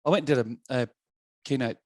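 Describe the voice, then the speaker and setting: A quick-talking Australian man in his fifties, blunt and salty in casual podcast chat. His voice sits at an ordinary middle pitch, recorded close and dry with no room sound. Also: no echo. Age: 50s. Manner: blunt, swearing storyteller. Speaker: podcast guest, coach and former police officer.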